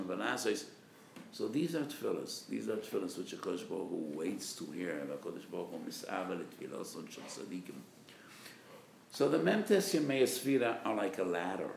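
Creaky-voiced man preaching with passion. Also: low-pitched, roomy sound, slight background noise. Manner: impassioned, swelling to emphatic peaks. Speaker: rabbi giving a Torah lecture. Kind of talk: sermon.

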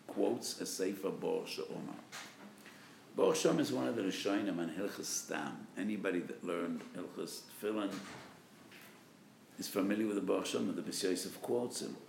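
A man's voice: fairly low pitch, creaky, roomy sound, a little hiss or hum. A man giving an impassioned sermon as a rabbi, his voice swelling to emphatic peaks. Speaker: rabbi giving a Torah lecture.

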